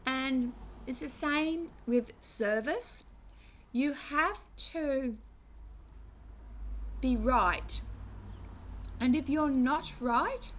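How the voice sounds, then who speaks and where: A woman's voice: on the high side, vocal fry, a bit bright, a little hiss or hum. An English woman in her sixties giving an earnest, rambling reflective monologue for her vlog, restarting sentences as she moralizes. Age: 60s. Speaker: vlogger.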